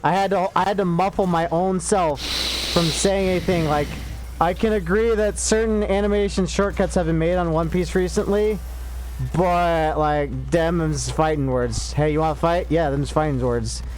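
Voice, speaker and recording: A man's voice: high-pitched, moderate pace, a little mellow, a little hiss or hum, poor audio. An American man chatting casually while gaming, jokey and prone to rambling tangents. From United States. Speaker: co-host of a gaming chat.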